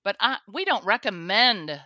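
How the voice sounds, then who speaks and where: A woman's voice: medium pitch, sing-song, moderate pace, sharp tone, dry recording, muffled recording. A woman, a guest on a faith show, telling her own story earnestly, with restarts and the odd laugh. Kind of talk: personal testimony interview.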